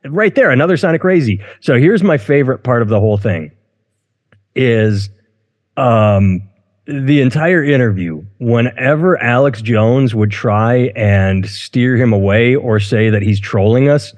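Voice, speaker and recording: A man's voice: mid-range voice, a little slow, darkish tone. A man co-hosting a casual podcast chat, rambling and outspoken, often restarting his words. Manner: rambling, self-interrupting, outspoken. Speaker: podcast co-host. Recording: long room reverb.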